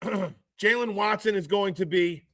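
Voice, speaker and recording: Hoarse, excitable man on a live stream. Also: high-pitched, unhurried, no echo, studio quality. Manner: excitable, laughs often, reads chat aloud. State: hoarse from screaming. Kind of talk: casual live-stream chat about football news.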